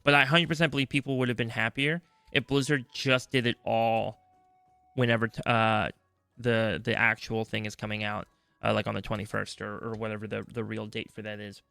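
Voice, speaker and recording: Animated ranting podcast man, bright voice. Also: fairly low pitch, a little fast, vocal fry, smooth, dry recording, faint music behind. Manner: animated, acts out other people's voices. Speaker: podcast co-host. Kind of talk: ranting casual chat.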